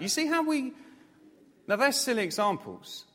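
A man preaching a sermon, animated and self-mocking, with jokey asides to the congregation. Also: very high voice, normal speed, long pauses. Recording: long hall reverb.

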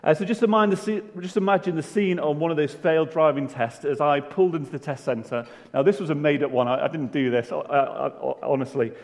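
A man's voice: a little high, a little fast, few pauses. A man preaching a sermon in a church, conversational, with rhetorical questions and self-deprecating humour. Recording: long hall reverb.

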